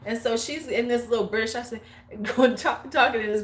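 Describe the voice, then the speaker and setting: Her voice on the high side and her delivery brisk, this forties-aged beauty livestream host tells a lengthy gossipy tale in casual, frank, salty chat. It's picked up by a livestream webcam mic.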